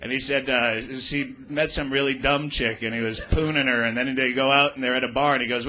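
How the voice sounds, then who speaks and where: A man's voice: medium pitch, fairly even intonation, a little fast, hardly any pauses. A male stand-up comedian with a crude, rambling manner, bantering with the crowd from a comedy club stage. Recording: live club recording with loud crowd. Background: audience laughter.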